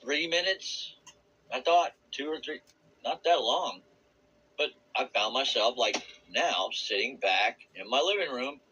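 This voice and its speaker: A man giving a rambling, earnest personal testimony about a spiritual experience. He searches for words and laughs softly now and then. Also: medium pitch, lively intonation, measured pace, husky, dull audio. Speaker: vlogger sharing a spiritual experience.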